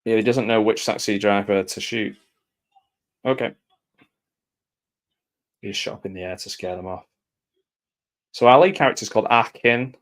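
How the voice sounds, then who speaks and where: A man giving casual live commentary over a film, reacting aloud and often dropping into quiet mumbled asides. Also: fairly low pitch, moderate pace, long pauses.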